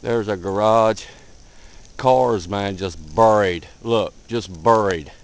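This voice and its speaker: A man filming outdoors in a blizzard on a handheld camera, giving excited casual commentary, cold and a bit out of breath. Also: on the low side, takes it slowly, poor audio. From Delaware, USA. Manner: excited, repeats himself, calls viewer man. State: out of breath, face numb from cold. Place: outdoors in a blizzard, wind and snow. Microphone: handheld camera mic.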